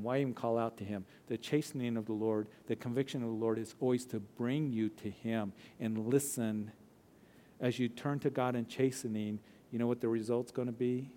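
A man's voice: medium pitch, steady tone, mellow, slight background noise. Emphatic male pastor preaching. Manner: emphatic preaching with deliberate, slowed phrases. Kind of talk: verse-by-verse sermon. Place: church.

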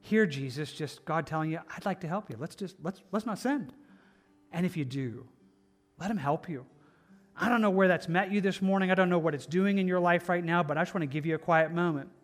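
Animated man preaching a sermon. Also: on the high side, a little fast. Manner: animated, swings between loud emphatic and soft hushed. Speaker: pastor.

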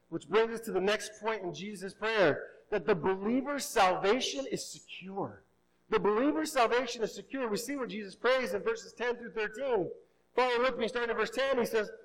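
High-voiced preaching pastor, man. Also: animated, low-quality recording. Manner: preaching with wide swings between soft and loud; slows and stretches key words for emphasis. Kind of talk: sermon.

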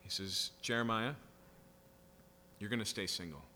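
A man's voice: fairly low pitch, moderate pace, pushed and bright, in a large hall, a little hiss or hum. A man preaching a sermon, reading scripture aloud and explaining it in a conversational way with frequent "right?" asides. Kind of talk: sermon, Bible teaching.

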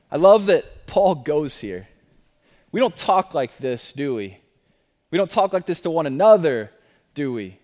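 A man preaching a sermon, repeating key phrases and moving between loud urgent declarations and quiet personal appeals. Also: on the high side, long reverb tail. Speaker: pastor.

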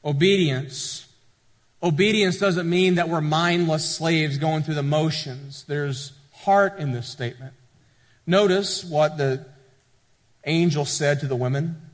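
A male pastor with a drawl preaches to his congregation, leaning on repetition and building emphasis. His slightly high voice rings out through a church hall with a long reverb. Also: slow pace. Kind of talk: sermon.

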